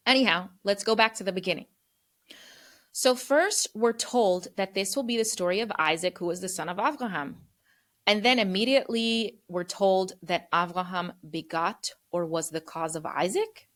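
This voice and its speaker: A woman's voice: lowish voice, fairly bright tone. A woman hosting a podcast, retelling and teaching scripture in a chatty, slangy way. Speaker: podcast host.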